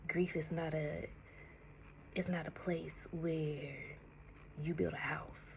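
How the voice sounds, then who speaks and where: Lady doing a tarot message, low gravelly voice, slips into whispers, soft hiss behind. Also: fairly even intonation. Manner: slow, soothing, often drops to a breathy whisper, calls listener honey. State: emotional, near tears. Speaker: tarot reader. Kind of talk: spiritual message to viewers.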